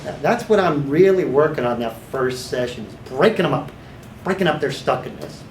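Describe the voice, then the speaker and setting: A man teaching a small class of hypnotherapy students, sometimes slipping into a slow, authoritative guided-imagery voice. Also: on the high side, lively intonation, a little hiss or hum. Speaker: hypnotherapy trainer. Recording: echoey room.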